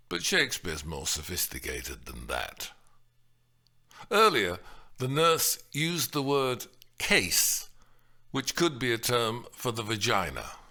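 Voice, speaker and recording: A man delivers a scripted literary analysis at an unhurried pace. His voice is bright and clear, and his pitch moves widely as he stresses points. He reads in a measured, thoughtful way. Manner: measured, acts out quoted lines with raised voice.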